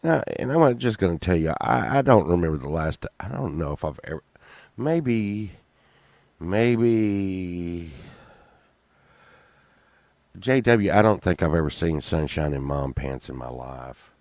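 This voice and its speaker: A middle-aged Texan man hosting a rambling casual chat, tired from a late night, swinging between mumbles and loud outbursts. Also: extremely low pitch, expressive, a little fast, few pauses, no echo. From Texas. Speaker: show host.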